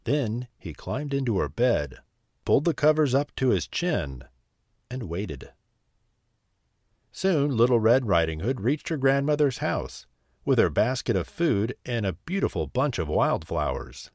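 A man reading a bedtime story aloud in a slow, soothing, expressive way. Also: mid-range voice, no echo, studio quality.

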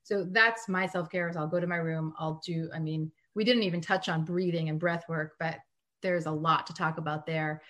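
A woman in a casual live-streamed chat, giving practical parenting advice with quick laughs. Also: deep voice, steady tone, fairly bright tone. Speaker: guest parenting coach.

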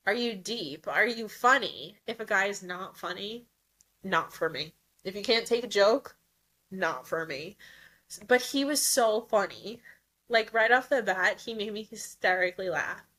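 A young woman hosts a podcast, delivering a candid, casual monologue that's blunt, profane, and emphatic, with frequent laughter. Her mid-range voice is animated, unhurried, bright, and forceful in tone.

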